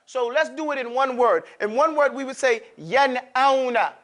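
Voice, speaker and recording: High-voiced man teaching a class. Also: moderate pace, a bit bright. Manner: drills pronunciation, checks in with "okay?". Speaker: Quran recitation teacher. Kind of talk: classroom lesson.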